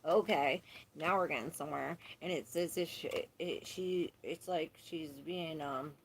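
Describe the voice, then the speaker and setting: A woman's voice: low-pitched, a little slow, slight background noise. A woman giving a live tarot reading who rambles, trails off and restarts, swears casually and laughs often. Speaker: tarot reader. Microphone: phone.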